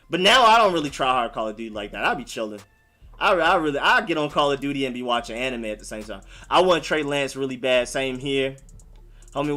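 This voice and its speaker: A man's voice: on the high side, sharp tone. Slangy young man chatting on a live stream. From born in Maryland, raised in Atlanta. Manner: loose and conversational, slangy, lots of "like" and "y'all". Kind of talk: casual live-stream chat, reading viewer comments.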